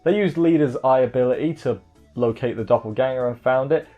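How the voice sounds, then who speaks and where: A man recapping an anime episode in casual chat, joking and rambling with quick asides. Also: mid-range voice, narrow, tinny audio, faint music behind. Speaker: anime reviewer.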